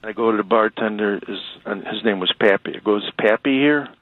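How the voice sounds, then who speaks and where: A man from Chicago calls in to a radio show and tells a rambling, chatty story, often restarting his sentences. His voice sits low. The sound is tinny and dry, like a phone call. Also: level tone, a little fast, dry recording. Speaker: radio caller. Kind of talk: casual storytelling.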